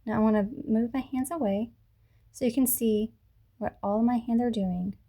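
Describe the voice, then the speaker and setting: Woman teaching crochet on camera, soft mellow voice, patient and slow with each step. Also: on the high side. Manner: patient, talks through each step slowly, self-correcting. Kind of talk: tutorial instruction. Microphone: camera mic.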